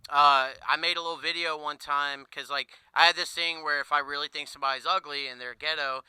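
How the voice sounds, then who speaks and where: A man with a bright, ringing, smooth voice, a little high, spins a rambling, crude story on a comedy podcast. The sound is close and dry. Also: fairly even intonation, fairly quick, no room sound, rough recording. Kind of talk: casual storytelling.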